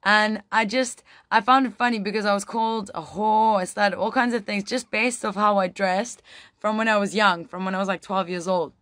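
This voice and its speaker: A woman's voice: mid-range voice, fairly even intonation, normal speed, a bit bright, no echo. A young woman from a band chatting casually on a livestream, reading viewer comments, swearing freely and calling everyone "man". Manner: laid-back, swears a lot, says "man" often. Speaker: band member hosting a livestream.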